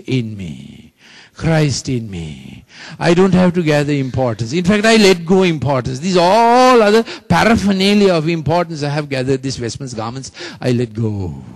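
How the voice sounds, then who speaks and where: A man preaching a sermon, repeating phrases emphatically and leading the congregation in call-and-response. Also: a little high.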